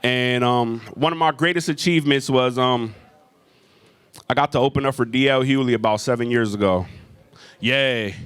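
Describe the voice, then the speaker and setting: A man in the middle of a stand-up set, speaking into a handheld mic in a comedy club. His delivery is profane and animated, drifting from a drug-buying story into jabs at the crowd. His voice sits at an ordinary mid pitch. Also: normal speed, smooth, dry recording.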